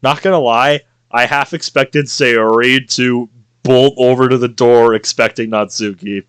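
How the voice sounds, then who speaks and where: A man's voice: mid-range voice, fairly even intonation, measured pace, clear, resonant tone, dry recording. A man streaming a visual novel, reading it aloud and reacting with jokes. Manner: playful, reacts with jokes and laughter.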